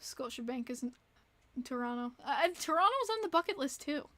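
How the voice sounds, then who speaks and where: Woman streamer, high bright-pitched voice, chatty and reactive, casual livestream host. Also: animated. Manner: chatty, reacts to viewer chat with quick exclamations.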